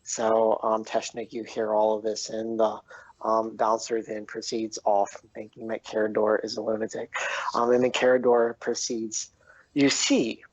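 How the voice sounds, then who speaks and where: A man narrating a tabletop game as game master, halting often with ums, on a dull lo-fi recording. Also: fairly low pitch, completely flat delivery, a little mellow, no room sound.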